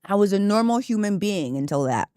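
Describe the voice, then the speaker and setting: A woman streamer chatting casually with her viewers, telling a story with lively asides and laughter. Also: medium pitch, a little fast, no echo, studio quality.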